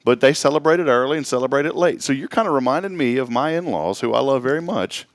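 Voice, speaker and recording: A man's voice: mid-range voice, fast, dry recording. A man hosting a morning talk show, joking around in casual chat. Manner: playful, jokey, animated. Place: studio.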